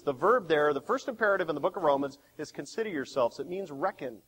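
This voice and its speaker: A man preaching a sermon as pastor, with dramatic swings between quiet and loud. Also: a little high, lively intonation, fast, few pauses, husky. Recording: long hall reverb.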